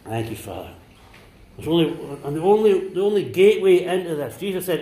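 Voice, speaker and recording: A man preaching a sermon to a congregation, swinging between impassioned near-shouts and hushed whispers. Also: a little high, very animated, a little fast, roomy sound. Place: church.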